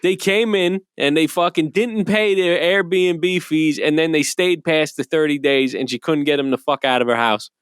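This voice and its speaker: A man with a high-pitched voice, swearing freely as he spins stories in a loose, animated podcast chat. His voice is recorded over a remote call and sounds dry and close, with no room behind it. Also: normal speed, hardly any pauses, clean tone, no echo. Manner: profane, animated storyteller. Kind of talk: casual chat.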